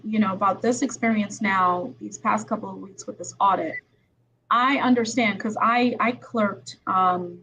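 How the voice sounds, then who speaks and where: A woman's voice: medium pitch, fairly bright tone, slightly rough. A woman attorney hosting a podcast interview, talking in a chatty, conversational way. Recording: slightly dull sound with faint background noise.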